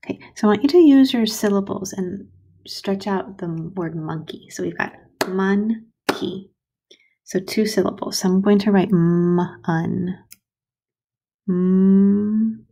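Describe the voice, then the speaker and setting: Lady teacher talking to little kids, slow and patient, a bit gravelly, warm mellow tone. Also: medium pitch. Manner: slow, patient, spelling words out for young children. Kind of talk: recorded early-grade writing lesson.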